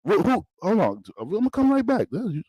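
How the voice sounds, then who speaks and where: A man's voice: high voice, huge pitch swings, moderate pace, darkish tone, breathy edge, no echo, pitched above the performer's own voice, full character voice, low-quality recording. A man voicing Jesus as a slick partygoer, hurriedly excusing himself. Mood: flustered. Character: cheeky Jesus caught partying in a club at night.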